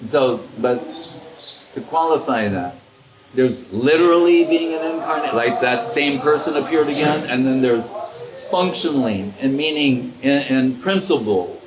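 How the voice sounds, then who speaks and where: A man's voice: medium pitch, measured pace, a crowd in the background. Roomy-sounding male storyteller. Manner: animated storyteller, acts out quoted dialogue, chuckles. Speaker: spiritual teacher. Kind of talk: casual storytelling discourse. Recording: roomy echo with faint ambience.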